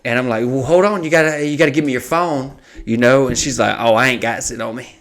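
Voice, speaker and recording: Male comedian-host, mid-range voice, casual, swearing, lively storyteller. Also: mid-range voice, fast. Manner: profane, animated anecdote-telling.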